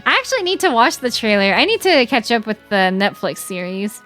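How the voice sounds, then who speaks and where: A young woman chatting casually while streaming a game, animated and giggly, with lots of "like" fillers. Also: fairly high pitch, a little fast, faint music behind.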